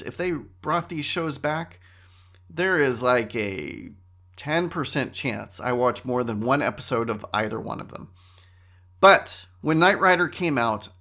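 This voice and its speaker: A middle-aged man with a medium-pitched voice hosts a casual solo podcast. He talks in an animated, wry way and often interrupts himself.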